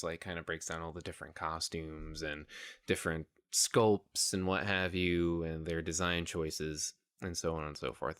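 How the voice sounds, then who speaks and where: A man's voice: low-pitched, a bit bright, clean tone, dry recording, studio quality. A man co-hosting a podcast in casual chat, rambling with fillers and laughing easily. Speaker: podcast co-host.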